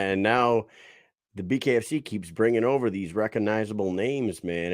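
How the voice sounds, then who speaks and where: A man's voice: fairly low pitch, no echo, clean studio sound. A man co-hosting a podcast, chatting casually with laughs and swearing. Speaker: podcast co-host. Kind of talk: casual chat.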